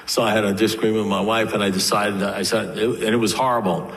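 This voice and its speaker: A man's voice: lowish voice, fairly even intonation, quick pace, fairly bright tone. An older man speaking at a recovery meeting, telling his story with wry, self-mocking humor. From United States. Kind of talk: personal storytelling talk. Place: meeting hall. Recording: echoey hall with faint background noise.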